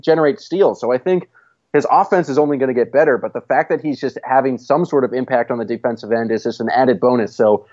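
A male podcast co-host chats about basketball in a loose, unhurried manner, often stopping to hesitate. His voice is mid-pitched for a man. The sound is dry and a little dull, like a lo-fi remote mic. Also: no room sound. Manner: relaxed, easygoing, with many "uh" pauses. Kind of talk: casual sports podcast chat.

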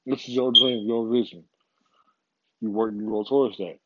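A man's voice: on the low side, steady tone, normal speed, dull audio, heavy background noise. A man giving a casual, rambling motivational monologue, profane and full of repeats.

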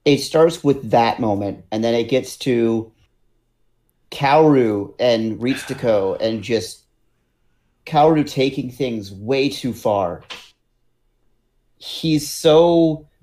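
A man's voice: medium pitch, slow, darkish tone. A man co-hosting a casual podcast, speaking earnestly and stretching out his phrases. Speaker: podcast co-host. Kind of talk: casual chat.

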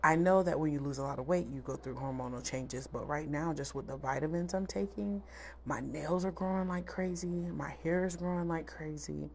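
A woman's voice: sits low, moderate pace, a little mellow, slight background noise. A woman in her thirties from South Florida, hosting a casual solo podcast in a candid, chatty, emphatic way. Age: 30s. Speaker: podcast host.

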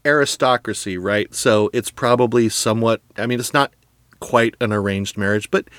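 A man in casual conversation, critiquing a movie with laughs and quick asides. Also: on the low side, clean tone, no room sound. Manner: animated, laughs often, acts out quotes in passing. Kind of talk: casual film discussion.

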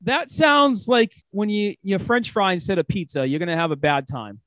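A man's voice: sits high, moderate pace, a bit bright, dry recording. A man hosting a podcast, chatting casually while drunk, swearing and laughing often, his words loose and slurred. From United States. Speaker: podcast host. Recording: dry close mic, lo-fi podcast audio.

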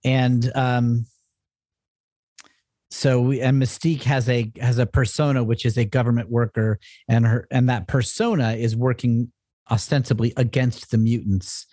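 Man, podcast co-host, wry, joking, recaps plot, middle pitch, dry close mic. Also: steady tone, moderate pace, mellow, no echo. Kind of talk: casual comics discussion.

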